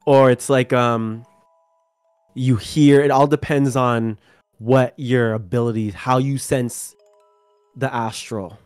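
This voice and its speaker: A young man hosting a casual spiritual chat, talking in a relaxed, rambling way and swearing now and then. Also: medium pitch, slow, smooth, no room sound, studio quality, soft background music. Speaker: channel host.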